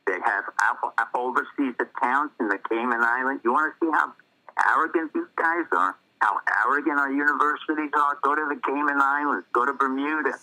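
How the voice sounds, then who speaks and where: Brief male guest commentator, mid-pitched, intense bright voice, lectures in listed points. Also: brisk, poor audio. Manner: emphatic, lecturing, lists points one by one. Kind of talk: political interview.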